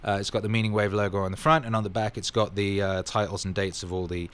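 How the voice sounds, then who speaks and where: A man's voice: on the low side, level tone, fast, clear, resonant tone. A man casually answering fan questions in his vlog, rambling and upbeat with plenty of fillers.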